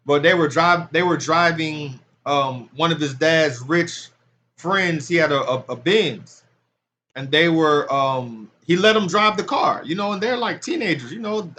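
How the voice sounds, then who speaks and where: A man with a high-pitched voice gives fired-up scripture commentary. He talks loosely, as if to a friend, then hammers his points home like a preacher. A faint hiss sits under the recording. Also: bright, forceful tone. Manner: street-talk, rising to emphatic preaching. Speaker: religious commentator. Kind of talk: impassioned casual commentary on scripture.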